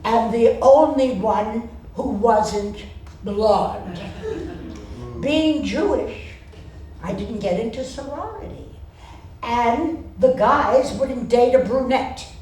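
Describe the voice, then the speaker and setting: A woman in her nineties from Boston tells comic stories in a slow, wry, chuckling delivery, with her voice a little high. She sounds far from the mic in an echoey theater. A faint hum runs underneath. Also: darkish tone. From Boston, USA. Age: 90s. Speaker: cabaret performer. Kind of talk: live comic storytelling. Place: theater stage.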